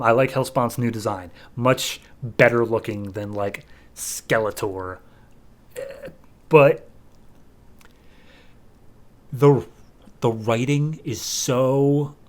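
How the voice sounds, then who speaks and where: Man, podcast host, casual comic review, sarcastic, loose chatty delivery, middle pitch. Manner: loose, sarcastic retelling full of "like".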